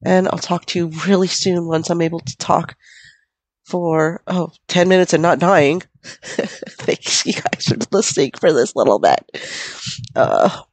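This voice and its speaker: A woman's voice: lowish voice, measured pace, a little mellow, dry recording. A woman hosting her podcast while sick in bed, coughing, her voice going, rambling casually and swearing. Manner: rambling, self-deprecating, profane. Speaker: podcast host. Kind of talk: casual solo podcast chat. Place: in bed at home.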